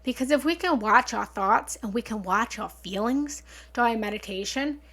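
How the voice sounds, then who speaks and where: Bright, slightly gravelly chatty woman. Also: on the high side, animated, normal speed. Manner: earnest, chatty, often repeats herself and thanks viewers. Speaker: meditation teacher hosting a live session. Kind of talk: casual live-stream talk, reading and answering comments. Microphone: studio mic through a small soundboard.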